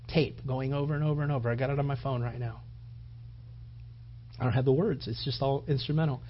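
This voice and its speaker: A man preaching a sermon with passion, his voice rising toward shouts and then dropping low. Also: husky, muffled recording. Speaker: pastor.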